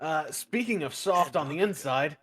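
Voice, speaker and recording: A man's voice: a little high, expressive, moderate pace, a bit bright, husky. A man playing a tabletop game who jokes and laughs easily with the group. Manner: joking, giggly. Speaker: player. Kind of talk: casual tabletop play.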